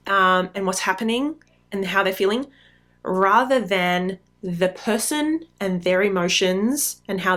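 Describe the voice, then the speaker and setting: A middle-aged woman hosting a parenting podcast, giving advice in a relaxed, conversational way with frequent ums. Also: medium pitch. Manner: conversational, frequent ums, acts out quoted lines. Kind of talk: casual advice talk. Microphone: podcast mic.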